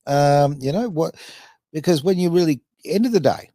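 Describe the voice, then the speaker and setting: A man's voice: on the high side, moderate pace, no echo, clean studio sound. Chatty man in his fifties. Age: 50s. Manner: chatty, animated, self-mocking, many fillers. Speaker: radio podcast host. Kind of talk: casual chat.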